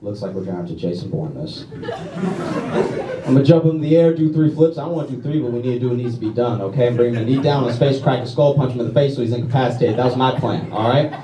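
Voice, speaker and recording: A man from Louisiana doing a stand-up set, self-deprecating, tagging lines with quick "all right?" and "okay?" asides. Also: mid-range voice, lively intonation, far from the mic, background noise. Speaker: stand-up comedian. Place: comedy club stage with a live audience. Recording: roomy venue audio with crowd laughter.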